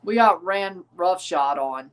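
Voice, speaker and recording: A man's voice: sits high, lively intonation, slow pace, fairly bright tone, distant mic. An American man, chuckling and rambling through casual live commentary while reacting to a soccer match. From United States.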